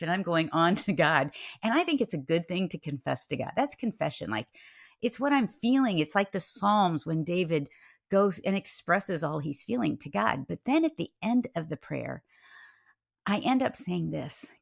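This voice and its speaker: A middle-aged woman guest on a podcast, telling a story in a lively, expressive way and acting out the quoted voices. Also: moderate pace, gravelly, no echo, clean studio sound. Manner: expressive, acts out quoted voices with big pitch jumps. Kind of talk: animated storytelling interview.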